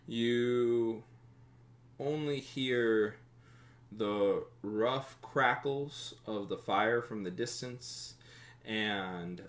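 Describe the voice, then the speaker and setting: A man runs a tabletop game, setting each scene in a slow, measured way. His voice is bright and clear. Sentences often fade down softly at the end. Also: fairly low pitch. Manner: slow, descriptive narration trailing off quietly. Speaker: game master.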